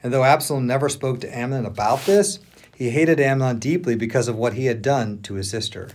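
A man co-hosting a podcast, reading scripture aloud in even narration and voicing the speakers lightly. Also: medium pitch, fairly quick. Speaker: podcast co-host.

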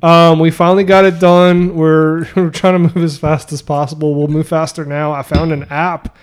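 Man, podcast host, casual chat, joking, laughs a lot, slightly high voice. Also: little pitch movement, moderate pace, smooth.

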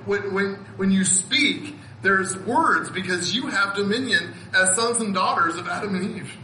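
Bright-voiced man in his fifties preaching. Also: high voice, measured pace, roomy sound, a little hiss or hum, low-quality recording. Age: 50s. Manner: earnest, emotional, laughs often, repeats words. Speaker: pastor. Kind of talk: sermon.

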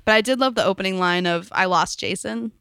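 Bright, smooth-voiced young woman chatting. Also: medium pitch, a little fast, no echo, studio quality. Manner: chatty storyteller, acts out quotes with laughs. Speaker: podcast co-host. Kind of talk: casual chat.

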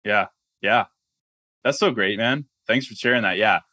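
A man's voice: lowish voice, normal speed, sharp tone, no room sound, studio quality. A man talking as an author and guest on a podcast, reflective and practical, often saying "like" and "I mean". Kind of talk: conversational podcast interview.

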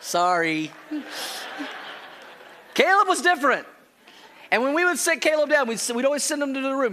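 A man preaching a sermon, telling family stories with acted-out voices, then turning soft and earnest. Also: very high voice. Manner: animated storytelling, acting out his child's pleading voices; drops to a soft, slow earnest tone for the teaching. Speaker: pastor.

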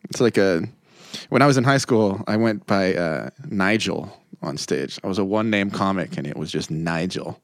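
Young man, low voice, chatty and rambling, acts out people's voices in his stories, dry close sound. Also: normal speed, gravelly, no echo. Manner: rambling and animated, laughs often, mimics voices in anecdotes. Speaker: comedian guest. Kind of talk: casual podcast chat.

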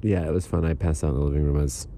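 A young man speaking a relaxed, meandering audio diary outdoors on a fire escape in the morning. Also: rumbling low, very fast, a little hiss or hum. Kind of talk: casual personal audio diary.

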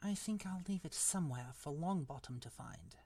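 A woman's voice: deep voice, lively intonation, moderate pace, mellow, husky, exaggerated voice. A woman voicing a spiteful schoolboy bully as she reads a novel aloud, taunting and drawling, sometimes sinking to a hiss. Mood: sneering.

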